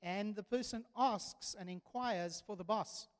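High-voiced preacher in a reverberant hall. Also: male voice, a little slow. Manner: earnest storytelling preacher, rising to emphatic declarations. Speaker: pastor. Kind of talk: sermon. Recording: long church reverb.

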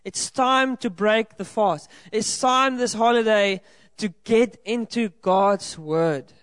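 A man's voice: high voice, takes it slowly, fairly bright tone, clear, resonant tone, no echo. A man from South Africa preaching a sermon to a congregation, earnest and encouraging, speaking directly to the people in front of him. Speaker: pastor. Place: church hall with a congregation.

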